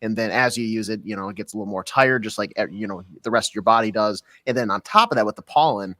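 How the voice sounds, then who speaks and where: A man's voice: fairly low pitch, fast talker, sharp tone, no echo. Easygoing man, dry close sound. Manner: easygoing, thinking aloud with fillers. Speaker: co-host. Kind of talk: casual radio chat.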